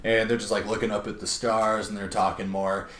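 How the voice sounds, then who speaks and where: A young man hosting a casual chat, retelling a story in a rambling, animated way. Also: lowish voice, brisk, a little hiss or hum. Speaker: podcast host. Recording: roomy room.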